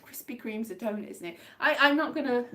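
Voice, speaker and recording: A woman's voice: a little high, lively intonation, a little fast, sharp tone, a little hiss or hum. A woman chatting casually on a live stream from home, rambling between tangents. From Wales. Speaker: comedian live-streaming to viewers. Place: indoors at home.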